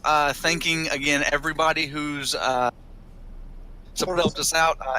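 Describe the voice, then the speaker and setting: Young male game master, very bright voice, rambling and hesitant delivery. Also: a little high, poor audio. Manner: rambling, hesitant, many fillers. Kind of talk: casual livestream chat.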